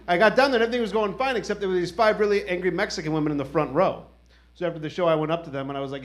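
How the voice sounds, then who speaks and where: Thirties guy doing standup, swears a lot, kinda high voice, dry wry jokes. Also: rapid-fire. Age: 30s. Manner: casual, profane, wry storytelling. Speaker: stand-up comedian. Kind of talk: stand-up comedy set.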